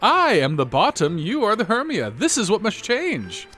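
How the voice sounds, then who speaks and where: Guy putting on a stuck-up drama-queen schoolgirl for a story game, pitched up high and swooping, pompous, talks in weird broken phrases. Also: huge pitch swings, moderate pace, bright, forceful tone, soft background music, exaggerated voice. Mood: haughty. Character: haughty French schoolgirl in the sixth form.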